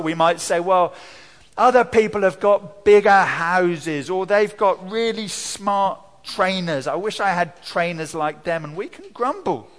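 Male preacher, high voice, lively questions to the kids, big reverberant church. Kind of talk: children's talk in a church service.

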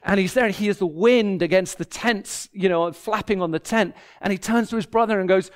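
A man's voice: high voice, fairly quick, hardly any pauses, clear, resonant tone. A man preaching a sermon, building his points through repeated phrases and briefly voicing imagined people. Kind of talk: expository sermon.

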